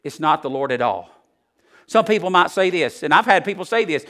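A male preacher, giving a folksy sermon that swings from loud to hushed. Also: fairly high pitch, expressive, fairly quick.

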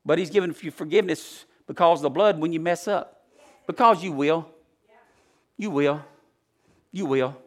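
Male preacher, folksy sermon, bright ringing tone, swings loud to hushed. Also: fairly high pitch, normal speed, pauses often.

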